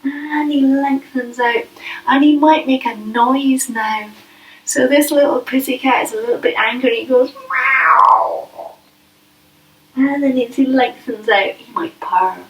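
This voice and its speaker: A woman leading a yoga class for children, speaking gently and playfully with coaxing questions. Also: high-pitched, measured pace, highs cut off. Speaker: yoga teacher. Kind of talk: guided kids' yoga class. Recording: echoey room, voice from a distance.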